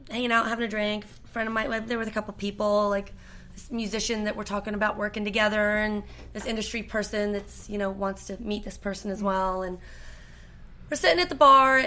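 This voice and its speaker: A woman's voice: mid-range voice, bright, forceful tone. A woman musician on a podcast, telling a story in a loose, laughing way and swearing freely. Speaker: guest, musician. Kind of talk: casual podcast chat.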